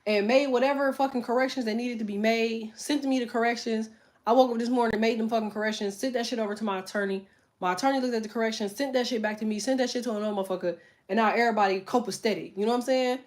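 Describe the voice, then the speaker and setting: A woman's voice: fairly high pitch, steady tone, fast talker. A middle-aged woman hosting a tarot livestream, chatting casually straight to her viewers in a blunt, profane, emphatic way. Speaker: tarot reader and livestream host.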